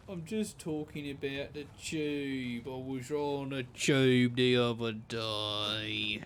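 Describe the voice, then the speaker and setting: A man's voice: medium pitch, fairly even intonation, slow, few pauses, fairly bright tone, slight background noise. A man giving casual live-stream commentary while playing a game, playful and rambling, full of jokes. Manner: playful, joking, rambling asides.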